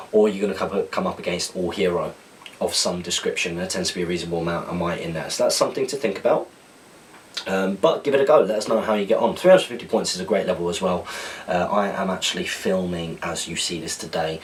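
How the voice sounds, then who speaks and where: Casting: male podcast host, lowish voice, a little off the mic, chatty and self-correcting. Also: far from the mic, a little hiss or hum, low-quality recording. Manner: rambling, self-correcting, laughs at himself. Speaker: podcast host answering viewer questions. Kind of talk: casual solo chat reading out questions.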